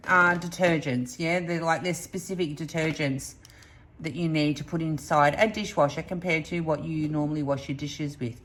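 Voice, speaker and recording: A woman's voice: low voice, a bit bright. A woman hosting a crafting channel, telling stories in a chatty, rambling way with many asides. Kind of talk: casual storytelling to camera.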